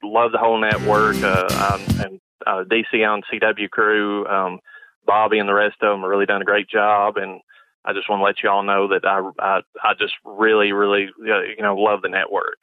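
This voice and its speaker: A man's voice: on the low side, monotone, normal speed, bright, forceful tone. A man with a Southern US accent calling into a show, earnest and hesitant with many fillers. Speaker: caller. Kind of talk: call-in chat. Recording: tinny dry phone line.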